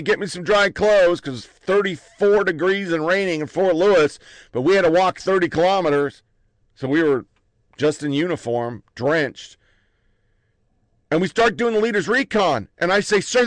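A man telling army stories in a blunt, profane, animated way. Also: high-pitched, normal speed, no echo. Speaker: army veteran recounting stories. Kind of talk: profane casual storytelling.

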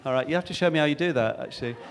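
Halting man introducing guests in church. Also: a little high, a little hiss or hum. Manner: rambling, halting, full of ums and restarts. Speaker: event host. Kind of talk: casual introductions at a church event. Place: church hall.

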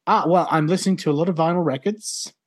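A man's voice: a little high, fast. A man co-hosting a podcast, chatting casually in a dry, self-deprecating way with the odd swear word. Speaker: podcast co-host. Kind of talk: casual chat.

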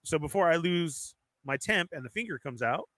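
A man's voice: on the high side, animated, normal speed, background noise. A man in casual conversation, telling a story animatedly and acting out what others said. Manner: acts out other people's lines in quoted voices. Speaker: storyteller in group chat.

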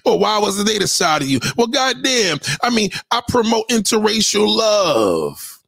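A man hosts a livestream, talking in a loose, profane and confrontational way. His pitch swings up and down a lot, and the sound is dry and close, with no room behind it. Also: very animated, unhurried, creaky, breathy edge, no echo. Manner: profane, confrontational, shout-outs to viewers. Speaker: livestream host. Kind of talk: casual livestream rant.

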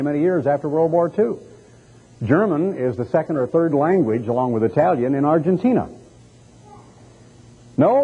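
A man's voice: on the high side, slightly rough. A male radio evangelist delivering a broadcast sermon, firing off emphatic rhetorical questions. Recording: dull lo-fi recording.

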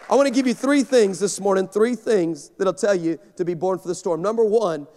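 High-voiced man preaching in an echoey hall. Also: a faint crowd. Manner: animated, rapid, acts out dialogue. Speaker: guest pastor. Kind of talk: sermon with storytelling. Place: church sanctuary.

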